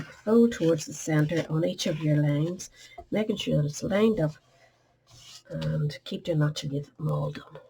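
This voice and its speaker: Low gravelly woman teaching a craft. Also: mellow, a little hiss or hum. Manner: chatty, instructive, drops to a murmur at times. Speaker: craft tutorial host. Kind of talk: step-by-step craft demonstration.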